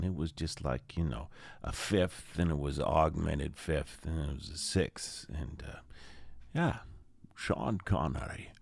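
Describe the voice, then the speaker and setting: A man's voice: low-pitched, a little mellow, no echo. A man hosting a podcast as a casual monologue, playful and rambling with jokey asides. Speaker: podcast host and jazz arranger.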